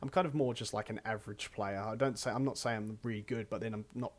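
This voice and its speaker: A man's voice: lowish voice, fairly even intonation, fast talker. A man hosting a casual online podcast, rambling and correcting himself as he chats and chuckles. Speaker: podcast host. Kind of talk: casual chat.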